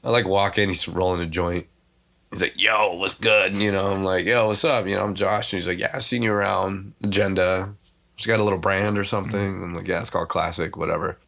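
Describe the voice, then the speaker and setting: A man's voice: low voice, steady tone, vocal fry, sharp tone. A man as a podcast guest, telling stories in loose, slangy casual talk full of fillers, acting out what others said. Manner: slangy, quotes others' words in quick reenactments. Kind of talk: casual storytelling chat.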